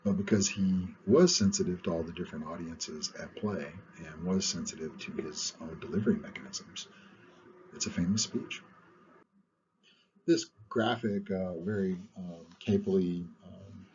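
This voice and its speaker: Brief: low-voiced male lecturer, chatty with many pauses, on a muffled recording with light hiss. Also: a little mellow. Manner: conversational, stops often with "uh". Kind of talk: recorded lecture on public speaking.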